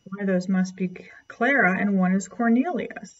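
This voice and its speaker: A woman reading a picture book aloud to a child, gently pointing out and explaining the pictures. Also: medium pitch, moderate pace, recorded from a distance, muffled recording. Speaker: storyteller.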